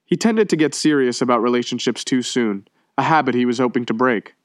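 A man reading a short story aloud in measured, steady narration. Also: mid-range voice, no echo, clean studio sound. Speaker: reader. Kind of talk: audiobook reading.

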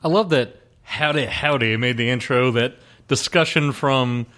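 Deadpan West Texas man. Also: medium pitch, a little slow. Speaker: podcast co-host. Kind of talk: casual chat.

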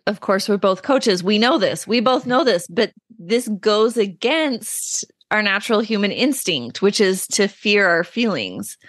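A woman's voice: medium pitch, lively intonation, unhurried, few pauses, dry recording, clean studio sound. A woman hosting a parenting podcast, chatty and enthusiastic as she interviews her guest. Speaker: podcast host and parent coach.

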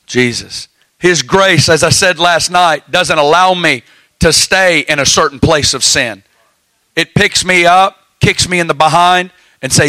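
A man's voice: on the high side, bright, forceful tone, dry recording. A man preaching a sermon, fervent and exhorting, often breaking into laughter.

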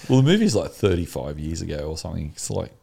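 A man co-hosting a relaxed podcast conversation. His voice sits very low and sounds mellow and warm, and he talks with eager enthusiasm. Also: fast, creaky, slightly rough. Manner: enthusiastic, animated storytelling. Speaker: podcast co-host. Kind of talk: casual chat.

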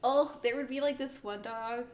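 A young woman with a fairly high voice telling work stories on a podcast. She keeps it relaxed and giggly and leans on "like" as she goes, with a faint hiss behind her. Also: moderate pace. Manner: relaxed, many "like" fillers, giggles. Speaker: podcast co-host, veterinary clinic worker. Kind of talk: casual storytelling chat.

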